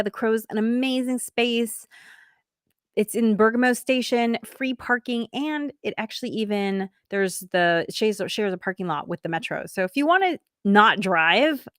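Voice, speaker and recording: A woman's voice: fairly high pitch, no echo, clean studio sound. A middle-aged woman hosting a comedy show, chatting casually and upbeat with a guest and promoting the event. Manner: chatty and upbeat, with many fillers.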